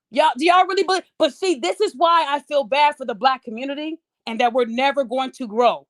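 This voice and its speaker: A woman hosts her podcast in a high, clear voice and delivers heated, mocking commentary full of profanity and disbelief. The sound is dry and close, with no room echo. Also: brisk. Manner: acts out quoted people in raised, sing-song voices. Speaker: podcast host.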